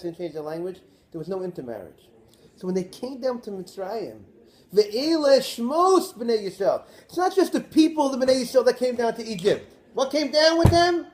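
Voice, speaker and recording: A rabbi with a high voice gives an animated Torah class lecture, putting rhetorical questions to his listeners.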